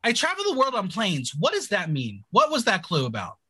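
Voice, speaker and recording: Animated bright-voiced man hosting a chat. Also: high-pitched, fairly quick, husky, dry recording. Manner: animated, laughing, joking. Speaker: podcast host recapping a TV show. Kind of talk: casual chat.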